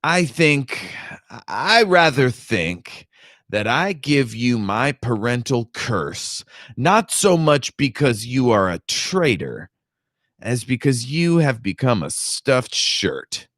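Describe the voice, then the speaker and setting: A man's voice: mid-range voice, very animated, slow, fairly bright tone, no echo, studio quality, pitched above the performer's own voice, heavily acted. A man reading aloud, voicing an older father who speaks curtly and scornfully to his son. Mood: indignant. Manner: curt and scornful. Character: older father, blunt and indignant.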